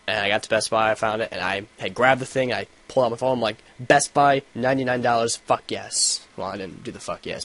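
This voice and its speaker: A young man telling a story in a casual vlog, swearing a lot and rambling, with sudden loud rants. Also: on the low side. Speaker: gaming vlogger. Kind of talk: casual ranting vlog update.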